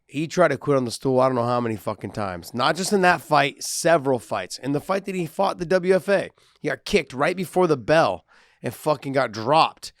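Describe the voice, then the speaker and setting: A man's voice: on the high side, expressive, normal speed, no echo, clean studio sound. A man, a podcast co-host and former fighter, telling fight stories in casual chat, swearing freely and acting out what people said. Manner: profane storyteller, acts out quotes.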